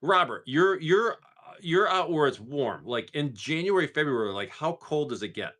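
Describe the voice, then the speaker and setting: A man's voice: a little high, expressive, moderate pace, a bit bright. A man from Massachusetts hosting a casual live stream, rambling in a laid-back way and swearing freely. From Massachusetts, USA.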